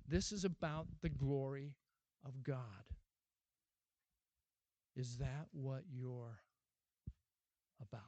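A man preaching a sermon as pastor, asking many rhetorical questions and repeating his words, moving from loud urgent appeals to a quiet closing prayer. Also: a little high, dry recording.

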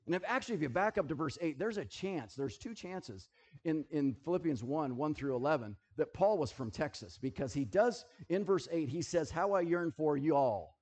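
A man preaching a sermon, animated and jokey, who keeps checking that his listeners are following. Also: on the high side, normal speed. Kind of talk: sermon with object lessons.

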